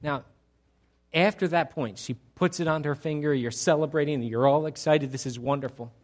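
A man preaching a sermon as pastor, animated, moving from quiet asides to loud excited outbursts. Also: on the high side, fairly quick.

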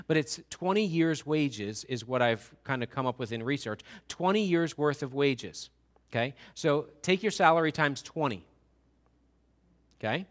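High-voiced, animated preacher. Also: male voice. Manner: animated, conversational, swings between loud bursts and near-whispers. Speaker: pastor. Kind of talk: sermon.

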